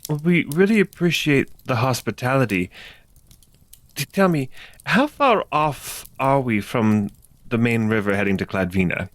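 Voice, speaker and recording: A man's voice: mid-range voice, lively intonation, unhurried, no echo. A man playing a character in a tabletop game, speaking politely with some hesitation. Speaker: player. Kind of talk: in-character role-play.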